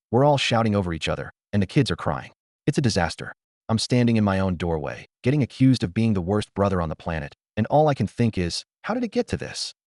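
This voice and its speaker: Expressive male story narrator. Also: lowish voice, no echo, clean studio sound. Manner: conflicted, earnest storytelling. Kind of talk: first-person scripted narration.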